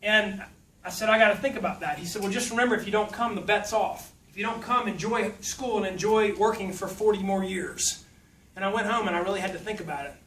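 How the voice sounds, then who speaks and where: A high, bright-voiced man with a drawl delivers a folksy, joking motivational talk. He is picked up from a distance in a reverberant hall, with a faint murmur of the room behind him. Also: a little fast, slight background noise. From South Louisiana. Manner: folksy, humorous, puts on voices when quoting. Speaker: motivational speaker. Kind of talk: motivational speech with storytelling. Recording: echoey hall from far off.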